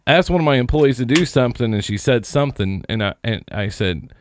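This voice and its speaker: A man's voice: medium pitch, animated, quick pace. A man telling long, rambling work stories with a sarcastic edge. His voice sits in a middling register and the recording is dry and close, with no room echo. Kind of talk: casual chat.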